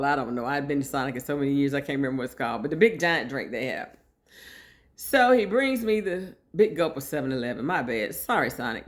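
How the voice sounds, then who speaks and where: A middle-aged woman tells a personal story in a relaxed, chatty way. She is lively and animated and keeps slipping into the voices of the people she quotes. She laughs easily as she talks. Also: low voice. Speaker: vlogger sharing her story. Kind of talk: casual storytelling.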